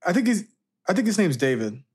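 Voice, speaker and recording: Upbeat young man, higher voice. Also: sing-song, fast talker, darkish tone, breathy edge. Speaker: podcast co-host. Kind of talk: casual chat.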